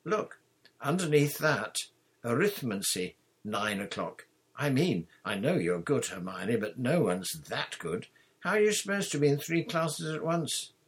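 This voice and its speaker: A man's voice: mid-range voice, animated, unhurried, fairly bright tone, slightly rough, voice pushed up, exaggerated voice. A man reading aloud, voicing a blunt teenage schoolboy who talks in an incredulous tone.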